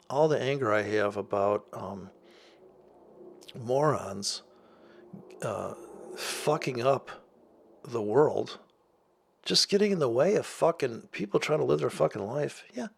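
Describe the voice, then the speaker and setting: A man's voice: medium pitch, expressive, unhurried, gravelly, pauses often. A man delivering a profane, sarcastic rant as a trading vlogger, swearing constantly and mocking people in put-on voices. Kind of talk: profane ranting monologue.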